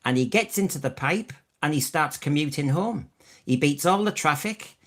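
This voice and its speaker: A man's voice: a little high, a bit bright. A man hosting a podcast, telling stories with wry, dry humour. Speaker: podcast host. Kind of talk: casual podcast chat.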